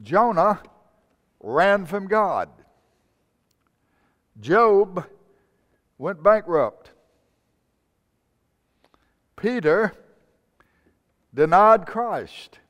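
A man preaching a sermon, stressing each name with a rise and then dropping to a low, slow finish. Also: big pitch swings, fairly bright tone. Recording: long hall reverb.

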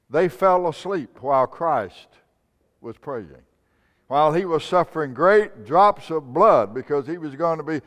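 A man preaches in a sermon style, lifting each name sharply before letting the line fall low and slow. His voice is smooth and resonant. It rings out with a long reverb, as in a church sanctuary. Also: a bit bright. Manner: preaching with emphatic rises on names, then dropping low and slow.

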